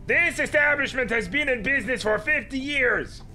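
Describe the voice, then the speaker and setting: A man doing a furious food stand owner, shouting in a strained, put-on accent. The voice sits high and swings up and down wildly. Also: animated, moderate pace, soft background music, exaggerated voice. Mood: indignant shouting. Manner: shouting, indignant.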